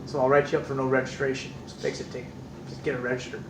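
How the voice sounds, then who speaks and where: A middle-aged man from California, an instructor who tells lively stories in class, acting out voices and swearing casually. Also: medium pitch, quick pace, background noise. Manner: animated storyteller, acts out voices, swears casually. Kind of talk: anecdotes in a class. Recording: echoey room, distant mic.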